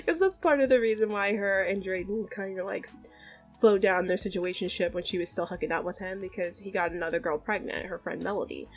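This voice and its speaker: A woman's voice: medium pitch, brisk, faint music behind, poor audio. A woman narrating a life-sim game story casually, retelling every scene as chatty quoted dialogue. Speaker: gaming video creator.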